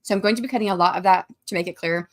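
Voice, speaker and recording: A woman in her forties, speaking rapid-fire in a fairly low, steady voice, hosts a casual writing livestream. She chats along, greeting viewers by name and reading their messages aloud.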